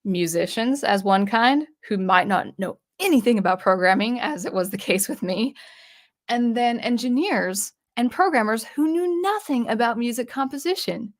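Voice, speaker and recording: A woman's voice: a little high, lively intonation, moderate pace. Chatty woman telling a story. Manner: chatty, with frequent restarts and asides; acts out remembered dialogue with shifts in tone. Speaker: electronic music composer and channel host. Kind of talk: casual personal storytelling.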